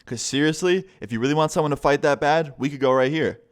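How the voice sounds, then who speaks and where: Guy putting on a pumped up young teacher voice, higher, fast, daring someone to fight. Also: clear, resonant tone, natural voice. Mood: stern, challenging. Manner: confrontational, daring. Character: young male teacher, fierce and protective.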